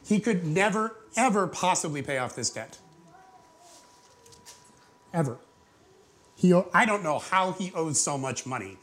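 Male preacher, sermon, conversational, joking, very animated pitch. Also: slight background noise. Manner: conversational, jokey, acts out quotes. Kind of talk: sermon, storytelling a parable. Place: church before a live congregation.

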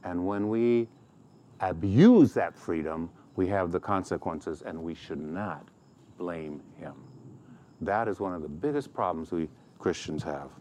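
A man's voice: deep voice, lively intonation, unhurried, mellow, a little hiss or hum. A middle-aged man preaching a sermon as pastor, acting out quoted complaints in a raised voice.

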